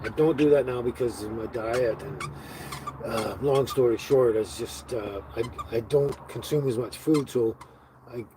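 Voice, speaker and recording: A man's voice: medium pitch, a little slow, noisy background. A man hosting a casual live stream from his tiny house. He rambles, stops and restarts often, and uses many fillers. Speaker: livestream host.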